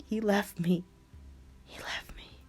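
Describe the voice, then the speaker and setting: A woman's voice: mid-range voice, steady tone, takes it slowly, darkish tone, slightly rough, in a whisper, faint music behind, voice pushed up. A woman voicing a heartbroken young woman who pleads through tears in a fan story reading. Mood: sobbing. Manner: tearful, pleading.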